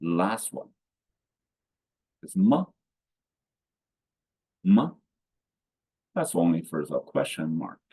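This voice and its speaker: Slow, deep-voiced man teaching Mandarin tones. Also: lively intonation, darkish tone, slightly rough. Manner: models each syllable twice with careful tones. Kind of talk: slow language lesson with repetition.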